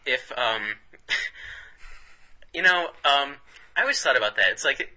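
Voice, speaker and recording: A man's voice: mid-range voice, lively intonation, slow pace, sharp tone, highs cut off. A man co-hosting a comedy podcast, rambling in casual banter with frequent laughs and restarts. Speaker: podcast co-host.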